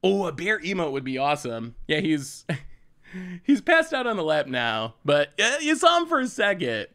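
A man's voice: a little high, a bit bright. A man casually commentating his card game on a live stream, chatty, laughing often and repeating himself as he talks.

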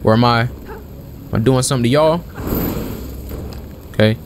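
A young man giving casual let's-play commentary as a gaming channel host, chatting and questioning the game out loud. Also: mid-range voice, unhurried, background noise. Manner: chatty, questions the game aloud, calls everyone bro.

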